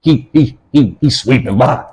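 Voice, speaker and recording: Husky middle-aged man telling a story. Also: medium pitch, a little slow, dark tone, low-quality recording. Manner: profane, rambling, acts out others' voices. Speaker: interview guest. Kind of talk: casual storytelling.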